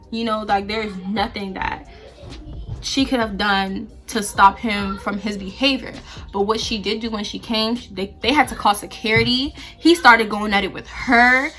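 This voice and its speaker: A woman's voice: a little high, a bit bright. A young woman vlogger animatedly telling a storytime while getting ready, acting out the quoted lines. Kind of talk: storytime while doing her hair.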